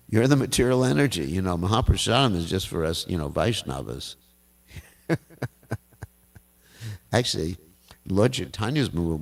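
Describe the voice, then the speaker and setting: An older man with a low, gravelly voice tells scripture stories to a temple class. He talks in a loose, folksy way and chuckles between his asides. He is picked up from a distance in the hall. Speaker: class speaker.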